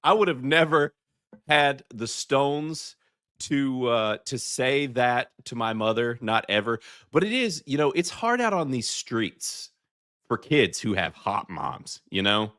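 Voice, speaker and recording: A Southern man hosting a live show and talking straight to his chat. His voice is bright and forward, and the sound is dry and close. He rambles along with fillers and false starts. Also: medium pitch, sing-song, slow pace, dry recording. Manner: rambling, chatty, lots of fillers and restarts. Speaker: podcast host. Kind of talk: live commentary reacting to clips for chat.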